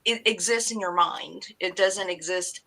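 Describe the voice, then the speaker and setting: A woman from Hawaii telling stories in a casual group chat, chatty and quick to laugh. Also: on the low side, creaky, bright, forceful tone, rough recording. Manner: chatty storyteller, laughs often. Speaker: livestream co-host.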